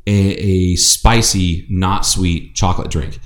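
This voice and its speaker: This Ohio man co-hosts a podcast, speaking in a low, steady voice at an unhurried pace. He tells stories in a casual chat and swears freely throughout. The audio carries a roomy echo.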